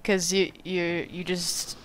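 A woman hosting a let's play, giving casual gameplay commentary, giggly and excitable with sudden exclamations. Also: on the low side, slow.

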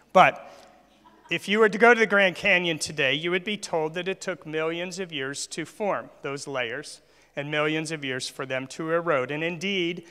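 Male church speaker with a fairly high, forceful voice who quizzes the audience. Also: clear, resonant tone. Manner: asks the audience questions. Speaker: guest speaker. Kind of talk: church talk. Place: church hall. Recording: long hall reverb.

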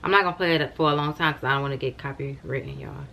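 A woman's voice: sits low, rapid-fire, pushed and bright, a little hiss or hum. A young woman vlogging from home in a casual, chatty way, often calling her viewers "y'all". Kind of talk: casual chat to camera. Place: at home, wrapped in a robe and blanket.

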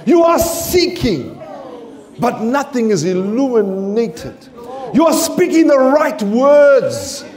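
A South African man preaching a sermon in a church, impassioned, swinging from shouted declarations to low murmurs. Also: very animated, takes it slowly. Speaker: pastor. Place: church sanctuary with congregation.

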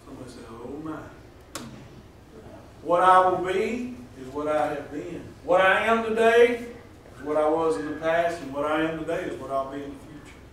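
A high-voiced man with a drawl preaches a folksy, joking sermon. His voice rings around a big, echoey church hall, picked up from well back off the mic with a faint hiss underneath. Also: fairly quick, fairly bright tone, distant mic. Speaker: pastor. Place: church sanctuary.

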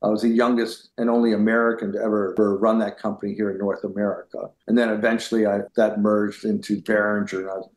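A middle-aged man from New York, a winery founder telling his career story in an interview, animated, laughing often and acting out the people he quotes. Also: lowish voice, quick pace, few pauses, echoey room.

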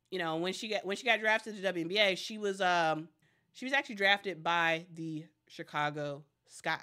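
A woman's voice: on the low side, sharp tone. A woman hosting casual sports commentary, chatty and addressing viewers directly, often restarting her sentences.

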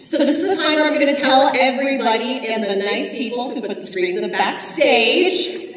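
A woman moderating a convention panel, upbeat and laughing, with quick asides. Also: a little high, a bit bright, slight background noise. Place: large indoor convention hall. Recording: echoey hall from far off with crowd.

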